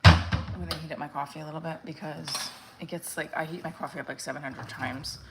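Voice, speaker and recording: Low-voiced woman chatting on a live stream. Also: steady tone, fast, gravelly, very noisy. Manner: rambling and candid, swears casually, many fillers. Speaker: actress hosting a live stream. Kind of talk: casual live-stream chat.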